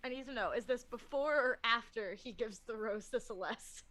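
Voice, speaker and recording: A woman's voice: on the high side, normal speed, fairly bright tone, low-quality recording. A woman playing in a tabletop game, chatting casually, laughing often and swearing freely. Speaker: player.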